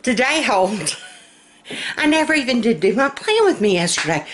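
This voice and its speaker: A woman's voice: on the high side, big pitch swings, moderate pace. A middle-aged woman with a Southern US accent, chatting casually to her vlog camera in her kitchen. Her speech is slightly slurred from denture adhesive, and she is folksy and laughs often. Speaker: vlogger. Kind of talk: casual chat.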